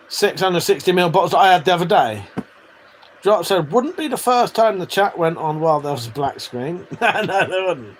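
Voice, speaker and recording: A man's voice: sits high, expressive, moderate pace. A man hosting a livestream, reading out chat messages in a casual, joking way, swearing freely and laughing often. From Britain.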